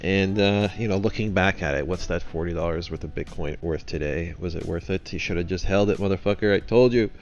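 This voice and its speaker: Deep-voiced man chatting on a lo-fi stream. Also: fairly quick, hardly any pauses. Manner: rambling, full of fillers, joking. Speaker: host of a trading livestream. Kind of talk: casual chat.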